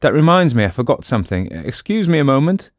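A man voicing a quick-witted, self-assured male bookseller and amateur sleuth with a breezy manner. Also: mid-range voice, sing-song, no echo, clean studio sound, pitched above the performer's own voice, close to an everyday voice.

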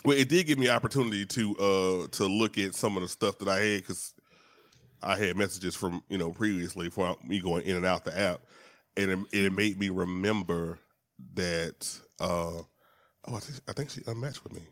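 A man with a somewhat low voice banters easily on a podcast. He talks in relaxed slang with small restarts. The recording is dry and close. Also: normal speed, dry recording. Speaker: podcast co-host. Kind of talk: casual podcast chat.

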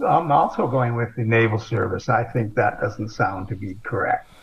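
A man's voice: on the low side, lively intonation, normal speed, creaky, a little hiss or hum. Easygoing male caller on a dull line. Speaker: contestant caller. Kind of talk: phone-in game chat.

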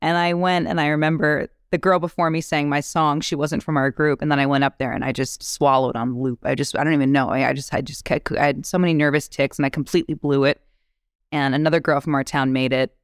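A woman telling candid stories as a podcast guest, animated, laughing often and swearing casually. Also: low voice, fast talker, clean tone, dry recording, clean studio sound. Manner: animated, laughing, acts out quotes. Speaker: actress guest.

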